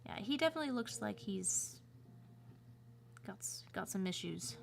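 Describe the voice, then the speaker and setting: A woman's voice: medium pitch, expressive, moderate pace, gravelly, faint music behind. An American woman, a cartoonist and voice actor, chatting casually and rambling on her livestream with playful asides. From United States.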